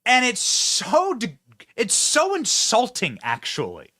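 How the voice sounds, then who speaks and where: A man's voice: very high-pitched, wildly swooping pitch, slow pace, sharp tone. A male host giving mocking, sarcastic political commentary.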